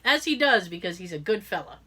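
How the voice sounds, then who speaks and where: A woman's voice: fairly low pitch, fast talker, slightly rough. A middle-aged woman co-hosting a podcast, telling a story in casual chat and acting out the voices of the people in it. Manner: animated, acts out quoted voices, laughs often. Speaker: podcast co-host.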